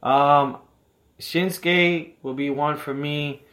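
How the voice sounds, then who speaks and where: A man co-hosting a casual podcast, relaxed and a little tipsy, laughing often as he talks. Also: on the high side, takes it slowly. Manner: laid-back, laughs often. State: tipsy from whiskey. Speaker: podcast co-host. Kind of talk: casual chat.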